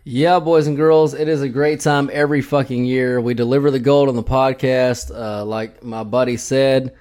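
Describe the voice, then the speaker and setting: A man's voice: medium pitch, little pitch movement, moderate pace, a little mellow, soft background music. Profane, ranting male podcast host. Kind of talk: casual podcast chat.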